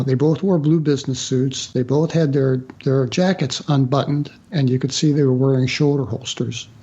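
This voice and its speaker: A man telling a personal story as a guest author in a radio interview, halting with fillers and restarts. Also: mid-range voice, mellow, muffled recording.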